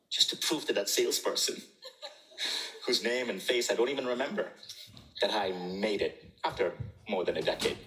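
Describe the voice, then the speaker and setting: A man in his forties with a lowish voice speaks on stage to a live audience. He tells stories with animation, often chuckling. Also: sharp tone, slight background noise, rough recording. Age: 40s. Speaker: keynote speaker. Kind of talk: storytelling talk on stage.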